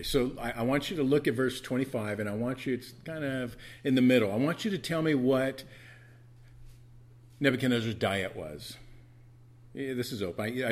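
A man preaching an earnest, tender sermon in a church as the pastor. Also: medium pitch.

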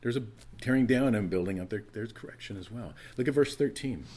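With a lowish voice and a fairly quick delivery, a man gives a sermon as pastor. He sounds heartfelt and conversational, repeatedly restarting and swinging from loud points to quiet asides.

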